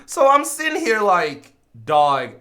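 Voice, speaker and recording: A man from Chicago tells a casual story to his stream. His bright voice leaps around a lot in pitch. He drops into mumbled asides, then bursts out loud. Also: moderate pace. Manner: animated, swings between mumbling asides and loud exclaims.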